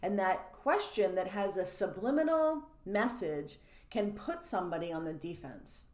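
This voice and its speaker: A woman teaching as a coach in a lively, animated way, laughing between points and acting out the questions people ask. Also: medium pitch, moderate pace. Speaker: codependency coach. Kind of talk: teaching monologue. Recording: roomy echo.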